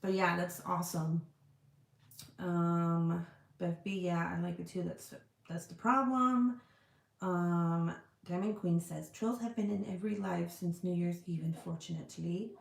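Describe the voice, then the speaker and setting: A woman's voice: lowish voice, fairly even intonation, unhurried, vocal fry, echoey room. A woman hosting a casual livestream, chatty and profane as she answers viewer comments. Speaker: livestream host selling scented products. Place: indoor room.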